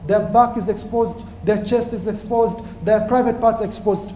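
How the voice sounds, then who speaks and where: A man's voice: high-pitched, steady tone, normal speed, dark tone, echoey room, a little hiss or hum. A man preacher telling a moral story in an impassioned sermon, building to emphatic peaks.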